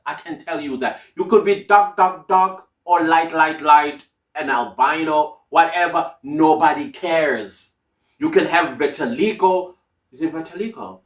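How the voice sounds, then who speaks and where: A man's voice: a little high, lively intonation, slow pace. A man giving emphatic, repetitive motivational advice to fellow content creators. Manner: emphatic, repeats key phrases. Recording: roomy sound from a distance.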